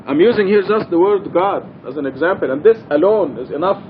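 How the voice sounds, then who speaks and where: A man leads a study class in a mosque with an earnest, emphatic delivery, driving his main points home through repetition. His voice sits a little high for a man. The recording sounds dull and lo-fi, with a faint rumble underneath. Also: expressive, a little fast. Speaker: Quran study teacher. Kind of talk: religious study lecture.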